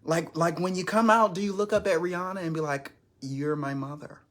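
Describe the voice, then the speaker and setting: A man's voice: high voice, fast, fairly bright tone. A man hosting his first live stream, chatting casually in a rambling, self-conscious way with lots of restarts.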